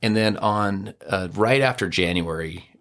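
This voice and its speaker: A middle-aged man as a podcast guest, telling a personal story in a casual, animated way and acting out the dialogue. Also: on the low side, a little slow.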